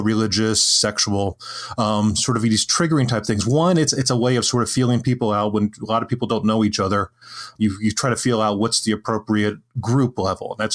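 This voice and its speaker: Low-voiced man, halting speech. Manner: hesitant, many restarts and fillers. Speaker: podcast panelist. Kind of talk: casual podcast discussion.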